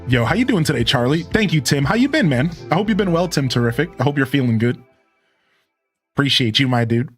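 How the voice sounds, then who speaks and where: A man's voice: mid-range voice, expressive, a little fast, soft background music. A man in his thirties rambling casually with his live-stream viewers, chuckling and thanking them by name. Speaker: game streamer.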